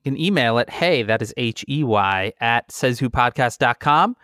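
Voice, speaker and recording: A man's voice: medium pitch, lively intonation, moderate pace, a bit bright, no room sound. Dry-humored podcast co-host man. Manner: dry, joking banter. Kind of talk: casual chat. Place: home basement.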